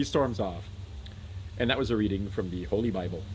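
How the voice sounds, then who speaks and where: A man casually retelling a story with lots of fillers and a deadpan, rambling manner. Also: lowish voice, fast talker, slight background noise, low-quality recording. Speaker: comedic storyteller.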